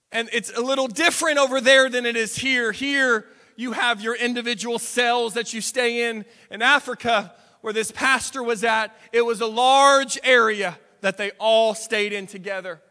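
A man's voice: very high-pitched, fairly even intonation, measured pace, bright, forceful tone, long reverb tail. A man preaching a sermon, telling a story dramatically. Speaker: pastor. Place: church sanctuary.

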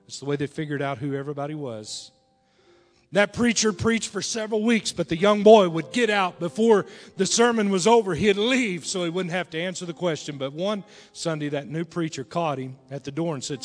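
A male pastor preaching a sermon, telling a story and dropping to a hush, then rising again. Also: fairly high pitch, moderate pace. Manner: storytelling, swings between hushed and raised. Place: large church hall. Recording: reverberant church hall with music.

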